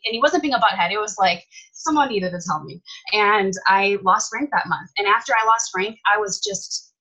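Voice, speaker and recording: A young woman candidly telling her personal comeback story in an animated, emphatic way. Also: fairly high pitch, rough recording. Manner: animated, emphatic, swears casually.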